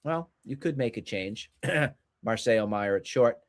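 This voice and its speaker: Slow, fuming male sports podcaster. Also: medium pitch, expressive. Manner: angry, profane, repetitive ranting. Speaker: podcast co-host.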